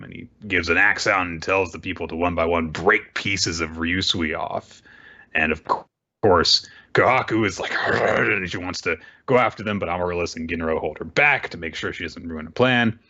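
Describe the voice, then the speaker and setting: A man's voice: deep voice, moderate pace, sharp tone. A man recapping a manga chapter in a casual chat and acting out the characters' lines with animation. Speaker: podcast co-host. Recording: dull lo-fi audio.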